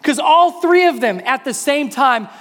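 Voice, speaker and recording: A man with a strikingly high voice tells a sermon story from the pulpit, his words trailing into a long, echoing reverb. He shifts into loud, squealing voices to act out his children. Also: a little slow. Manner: animated, acts out kids' voices in high shouts. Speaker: pastor.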